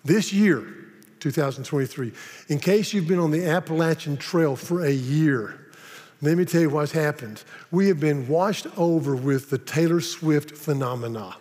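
Male pastor, sermon, higher voice, stumbles and repeats words, long hall reverb. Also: darkish tone. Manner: halting, repeats words, dramatic slowdowns.

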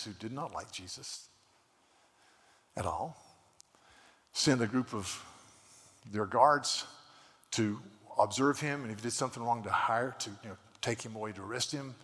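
A man's voice: medium pitch, measured pace, pauses often, fairly bright tone. A man preaching a sermon, retelling scripture stories with many stammered restarts and quoted voices. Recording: long hall reverb.

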